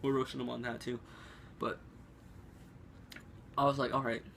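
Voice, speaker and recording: A man's voice: mid-range voice, level tone, normal speed, gravelly, fairly bright tone, a little hiss or hum. Rambling teen guy telling a story. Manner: rambling, filler-heavy, restarts often. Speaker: vlogger. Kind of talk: casual storytelling. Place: room at home.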